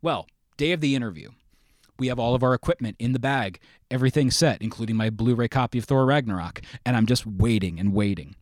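A young adult man, a podcast guest, telling a lively, self-mocking story and acting out the lines of the people in it. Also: mid-range voice, quick pace, no echo, studio quality. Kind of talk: animated anecdote telling.

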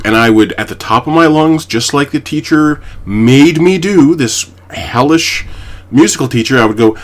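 Speaking at a normal speed with a mid-range, lively voice, this young man from Canada co-hosts a podcast. He chats casually, telling long stories that ramble and overflow with filler words.

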